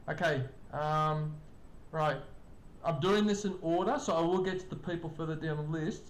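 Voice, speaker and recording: An older streamer, chatting casually with live viewers and greeting them by name. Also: normal speed. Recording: echoey room, faint rumble.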